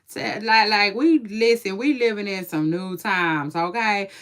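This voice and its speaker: A woman's voice: mid-range voice, unhurried, a bit bright. A woman with children, chatting casually and outspokenly about celebrity gossip on a live stream, laughing often and using slang. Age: adult with children. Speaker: commentary vlogger reacting to celebrity gossip.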